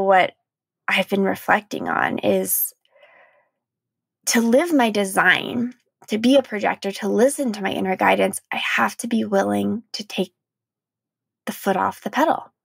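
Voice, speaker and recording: A young adult woman hosting her own podcast, talking through her feelings in a candid, emotional monologue with frequent "like"s and soft laughs. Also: mid-range voice, vocal fry, slightly rough, no echo. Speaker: podcast host. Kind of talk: reflective solo podcast monologue.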